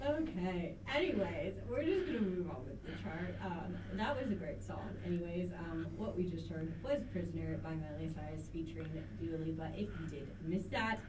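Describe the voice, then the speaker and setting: A woman's voice: fairly low pitch, expressive, normal speed, few pauses, noisy background. A young woman co-hosting a student radio show in casual chat, giggly and playful with mock-dramatic outbursts. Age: young adult.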